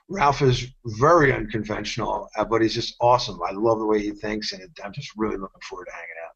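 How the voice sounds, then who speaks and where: A man's voice: mid-range voice, highs cut off. A man, a security instructor, talking casually in an interview and acting out the voices in his stories. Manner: animated, acts out quoted voices in stories.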